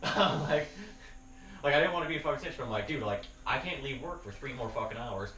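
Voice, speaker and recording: A man's voice: medium pitch, a little fast. Laughing, swearing young man telling a story. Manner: profane, laughing, animated storytelling. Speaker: podcast host. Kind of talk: casual storytelling chat. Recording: roomy, distant mic with faint noise.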